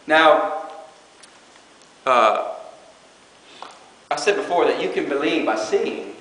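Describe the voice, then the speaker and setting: A man's voice: on the high side, lively intonation, takes it slowly, a bit bright. A man preaching a conversational sermon, stepping into quoted prayers and doubters' words as he teaches. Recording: echoey hall with long reverb.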